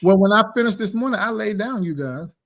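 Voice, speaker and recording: A man's voice: high voice, expressive, brisk. A man hosting a casual live-stream chat, talking in a blunt, emphatic, preachy way. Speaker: live show host.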